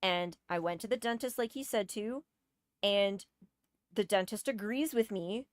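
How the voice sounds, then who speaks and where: A woman's voice: mid-range voice, a little slow, no echo, studio quality. A woman telling a personal story in a casual, exasperated rant, swearing often and hitting key words hard. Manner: exasperated, profane, emphatic.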